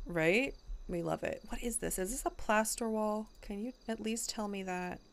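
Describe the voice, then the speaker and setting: A woman's voice: medium pitch, normal speed. A woman streamer talking in character during a game roleplay, frustrated and rambling, swearing often and full of fillers.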